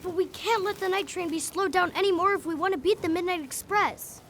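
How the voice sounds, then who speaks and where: A woman voicing a reckless, excitable ten-year-old boy who shouts eagerly in an audio drama. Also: very high voice, a little fast, slight background noise.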